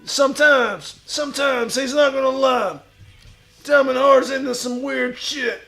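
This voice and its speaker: A man playing a crude, boastful washed-up pro wrestler who talks about himself in the third person and shouts his lines. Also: very high-pitched, fairly even intonation, measured pace, faint music behind, heavily acted. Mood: swaggering bravado. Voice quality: gravelly, shouty bravado. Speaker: streamer in character. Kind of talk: improvised comedy stream.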